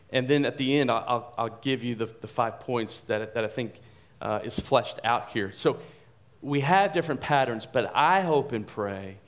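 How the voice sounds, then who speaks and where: A man in his forties preaching a sermon as pastor, telling a family story in a chatty, animated way. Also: medium pitch. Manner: anecdotal, chatty and animated, frequent restarts.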